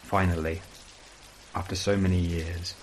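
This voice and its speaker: A man reading a first-person horror story as scripted narration, in a measured, brooding way. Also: low voice, level tone, slight background noise, rough recording.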